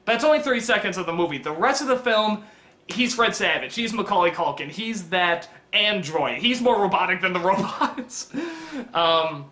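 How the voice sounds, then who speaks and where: A man's voice: sits high, animated, moderate pace, pushed and bright, reverberant, slight background noise. A man giving a casual spoken film review, rambling with lots of ums and frequent chuckles.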